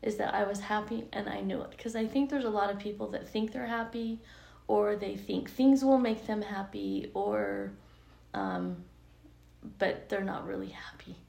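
An older woman speaking thoughtfully with many pauses and fillers as a podcast guest. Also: mid-range voice, gravelly, a little mellow, reverberant. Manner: thoughtful, hesitant with many ums. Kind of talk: casual interview chat.

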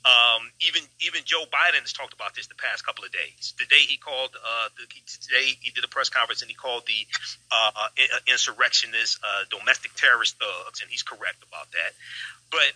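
A man giving urgent political commentary as a guest, speaking in halting bursts and calling the host brother. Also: medium pitch, pushed and bright, no room sound, low-quality recording.

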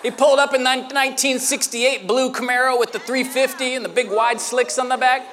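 A man preaching a sermon who tells a lively story and acts it out with sound effects. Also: very high-pitched, fairly quick, big-room sound. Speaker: pastor.

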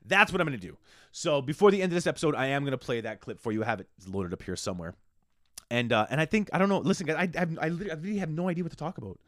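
A man, hosting a casual solo podcast and ranting profanely, swinging between loud outbursts and hushed asides. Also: fairly high pitch, animated, very fast, dry recording, clean studio sound. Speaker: podcast host.

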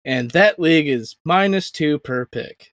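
A man's voice: a little high, animated, measured pace, a bit bright, dry recording. Tired, wry man on a dry mic. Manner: wry, joking, laughs often. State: tired from little sleep. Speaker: podcast co-host. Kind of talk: casual sports podcast chat.

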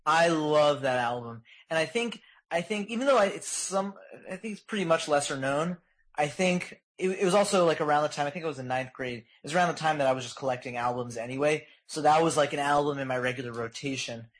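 A man's voice: on the high side, fast talker, fairly bright tone, poor audio. A young man co-hosting a podcast, chatting with enthusiasm and plenty of laughter. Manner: enthusiastic, laughing, bursts into sung and mimicked bits. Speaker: podcast co-host. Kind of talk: casual chat.

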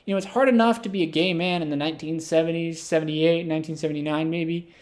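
Comic bit: a man doing a heartbroken gay guy, hushed and whiny. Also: on the high side, fairly even intonation, quick pace, lightly acted. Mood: pleading.

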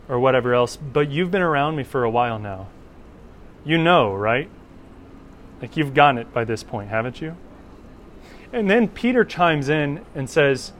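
A man's voice: mid-range voice, a little hiss or hum. A man teaching a Bible class in an informal lecture, talking conversationally and often checking in with "right?".

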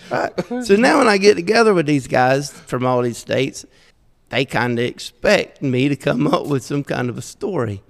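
A middle-aged man with a Southeast Georgia drawl tells self-deprecating stories with a gravelly edge to his voice. He chuckles often as he talks. The sound rings with a long reverb, as if recorded in a large room. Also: a little high, expressive, moderate pace. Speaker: podcast guest. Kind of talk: casual storytelling.

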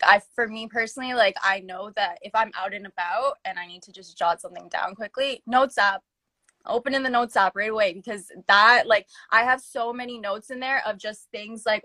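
A woman's voice: mid-range voice, pushed and bright, no room sound. Chatty young woman with a dry sound. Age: young adult. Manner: chatty, lots of "like" fillers. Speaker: podcast co-host. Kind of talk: casual chat.

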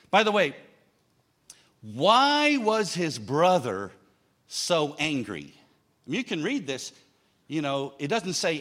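Brief: male preacher, fairly high voice, emphatic sermon with jokes. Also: big pitch swings, measured pace, fairly bright tone. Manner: emphatic, with humorous asides.

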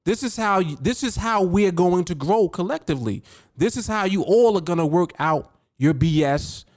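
Emphatic, lively-voiced male podcast host. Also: high-pitched, moderate pace, dry recording, studio quality. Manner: emphatic, repeats key words, addresses the listener directly. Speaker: podcast host and trading coach. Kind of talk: motivational podcast talk.

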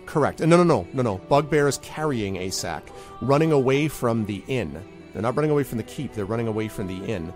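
A man narrating as game master in a tabletop game, relaxed and full of fillers. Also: mid-range voice, fairly quick, hardly any pauses, soft background music.

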